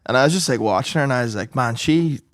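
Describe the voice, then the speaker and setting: A man's voice: mid-range voice, animated, fast, dry recording, clean studio sound. A young man, co-hosting a podcast, telling sweary stories in casual chat and laughing often. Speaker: podcast co-host.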